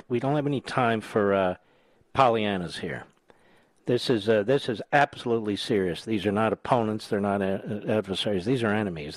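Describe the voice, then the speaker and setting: A man's voice: on the low side, no echo. A man in his sixties hosting a call-in radio show, blunt and emphatic. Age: 60s. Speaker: radio talk show host.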